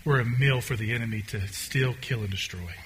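A man preaching a conversational sermon as a pastor, swinging between loud, excited stretches and quiet, hushed ones. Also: medium pitch, a little fast, a little hiss or hum.

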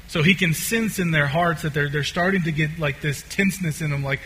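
Guy preaching, laid back and chatty, bright clear voice. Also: fairly high pitch, quick pace, few pauses, poor audio. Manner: casual, conversational preaching with fillers. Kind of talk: sermon.

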